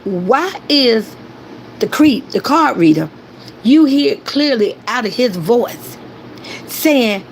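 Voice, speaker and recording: A woman's voice: on the high side, expressive, slow, vocal fry, a little hiss or hum, rough recording. A woman hosting a commentary stream, ranting emphatically and repeating points while calling on her chat to agree. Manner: emphatic, repetitive, addresses chat directly. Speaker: commentary host.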